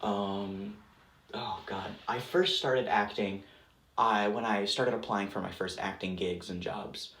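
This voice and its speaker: A man's voice: fairly low pitch, steady tone, slow, a bit bright. A young adult man answering interview questions in a casual, rambling way. He uses lots of filler words and pokes fun at himself. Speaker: actor guest. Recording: roomy with faint background noise.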